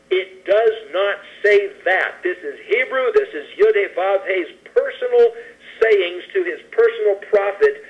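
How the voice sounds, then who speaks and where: A man on a talk show guesting to read scripture verses slowly and explain them with loose, pausing commentary. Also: high voice, dull audio. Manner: reads verses slowly and deliberately, then ad-libs commentary with pauses and fillers.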